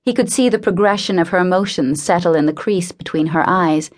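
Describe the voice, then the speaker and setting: A woman narrates a novel in a measured, intimate tone. Her voice sits slightly low. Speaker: audiobook narrator. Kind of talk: scripted narration.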